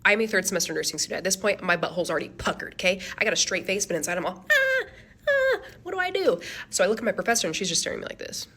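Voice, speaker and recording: A woman nurse telling a storytime to camera, animated, with casual slang, acting out what people said. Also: lowish voice, racing, few pauses, husky.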